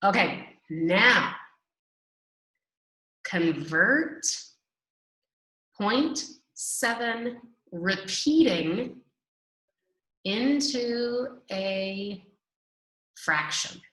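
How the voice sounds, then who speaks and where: A woman teaching a recorded math lesson, slow and reassuring, drawing out repetitions and walking students through the steps. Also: mid-range voice, animated, bright, forceful tone, roomy sound, rough recording.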